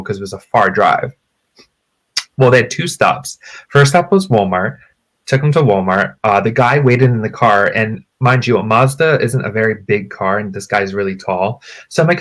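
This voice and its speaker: A man chatting casually on a podcast, telling a long story with lots of swearing and high-pitched voices when he quotes people. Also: normal speed, fairly bright tone. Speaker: co-host.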